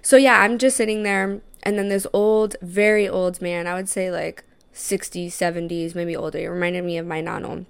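A woman's voice: on the low side, steady tone, normal speed, gravelly, clean tone. A young woman in her twenties co-hosting a podcast, telling stories in casual chat, swearing and laughing often. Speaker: podcast co-host.

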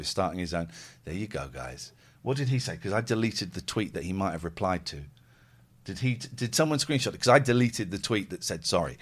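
Guy on radio chat show, voice swings up and down a lot, acts out stories. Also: sits low. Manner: lively storytelling, acting out quotes.

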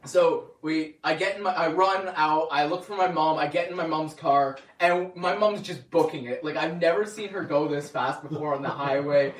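A young man with a high voice tells a lively story in a roomy space, a bit away from the mic. He laughs often and jumps up in pitch when he acts out what people said. It's casual and animated. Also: normal speed, few pauses, distant mic. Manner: excited, laughing storyteller who acts out quotes. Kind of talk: casual chat.

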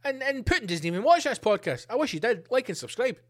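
A man hosting a podcast, ranting comedically with plenty of swearing and animated asides. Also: very high voice, fast talker. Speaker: podcast host. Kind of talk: comedic rant.

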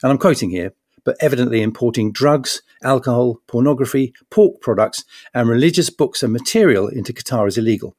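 A man's voice: medium pitch, lively intonation, fairly quick, a little mellow, no room sound, studio quality. A man hosting a podcast, delivering a wry, punning satirical comedy monologue with sarcastic asides. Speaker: podcast host.

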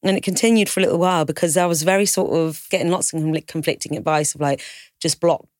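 A woman with a low voice talks through a hard personal story in a candid, conversational way, slipping into other people's voices as she goes. The sound is dry and close, with no room around her. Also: fairly even intonation, fast talker, darkish tone, no room sound. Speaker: podcast co-host telling her own story.

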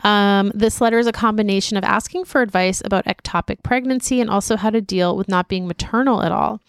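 On a casual podcast, a woman co-host reads listener emails aloud and adds chatty asides. Her medium-pitched voice is brisk, clean, and fairly even, recorded in a clean studio with no room sound.

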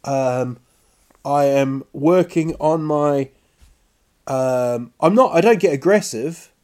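Male comic, storytelling monologue, slightly high voice, unhurried delivery, self-mocking. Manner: animated, self-mocking, acts out sounds and voices. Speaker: comedian. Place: lives in Stockholm.

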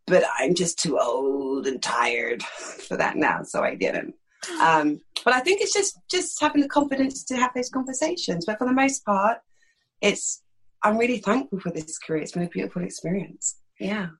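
Middle-aged woman from east london, husky low voice, slight lisp, talks frank and lively with lots of ums. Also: normal speed, rough recording. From East London, England. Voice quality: slight lisp that sometimes creeps in. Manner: frank, animated storytelling with many fillers. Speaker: actress, interview guest. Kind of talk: candid conversational interview.

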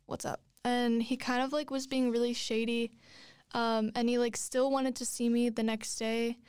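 A woman's voice: on the high side, little pitch movement, normal speed, a little mellow, clear, resonant tone, dry recording, clean studio sound. A woman in her twenties telling a long personal story in a casual chat, rambling with many fillers and restarts. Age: 20s.

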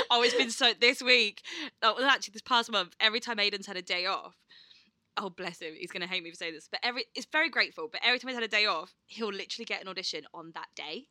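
Bright, chatty young woman. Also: medium pitch, quick pace, no room sound, clean studio sound. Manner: chatty storyteller, laughs often, swears casually. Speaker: podcast co-host. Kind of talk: casual chat.

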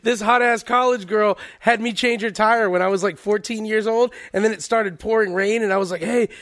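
A man's voice: high-pitched, steady tone, a little fast, a bit bright. A man co-hosting a casual talk show, telling crude, laughing stories about his youth. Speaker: podcast co-host. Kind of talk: casual storytelling chat.

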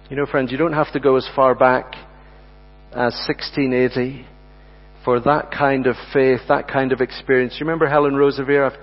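Earnest preacher in an echoing hall. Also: male voice, medium pitch. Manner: earnest, addresses listeners as friends, slow emphatic repetitions. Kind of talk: sermon. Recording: dull sound with long hall reverb and mains hum.

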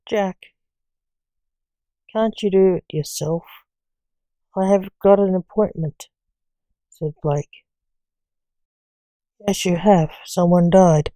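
A woman reading a story aloud in an even, unhurried way, with little change of voice between characters. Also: on the low side, no room sound. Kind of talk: read-aloud story narration.

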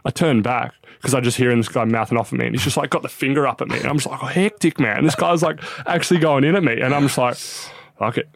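A young Australian man talks at a quick clip, stringing his story together with "like" and offhand swearing. The sound is close and dry, with no room around him. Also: medium pitch, gravelly, no echo. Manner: swears freely, story full of "like" and quoted self-talk. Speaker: professional tennis player guest. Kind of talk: casual storytelling chat.

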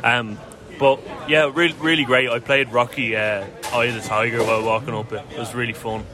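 A young man co-hosting a banter podcast, talking in halting, self-deprecating bursts with the odd blunt outburst. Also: medium pitch, fairly even intonation, bright, forceful tone, faint music behind. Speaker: podcast co-host. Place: outdoors in busy public areas. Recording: crowd chatter behind, outdoors.

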